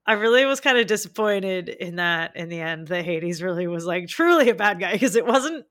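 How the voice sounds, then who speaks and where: A woman with a bright, forward tone talks through a film in casual podcast chat. She rambles and circles back, leaning on fillers and second thoughts. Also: on the low side, expressive, normal speed. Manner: rambling, many "like" fillers, frequent laughter. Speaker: podcast co-host. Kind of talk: casual movie review chat.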